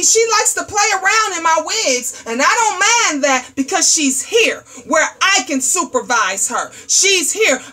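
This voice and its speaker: Sassy loud woman hosting a live stream, high voice, bright and cutting, cusses a lot. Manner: loud, profane, sassy storytelling. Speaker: host. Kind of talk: livestream talk show rant.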